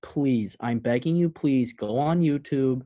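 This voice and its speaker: Earnest, halting young man. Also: mid-range voice, dark tone, highs cut off. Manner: earnest, halting, filler-heavy. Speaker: podcast co-host. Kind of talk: casual sports podcast chat.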